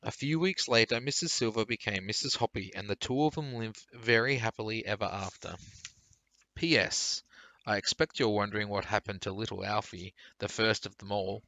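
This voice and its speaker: A man teacher reading a children's storybook aloud for pupils in a clear, steady storytelling way. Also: on the low side, normal speed, no room sound.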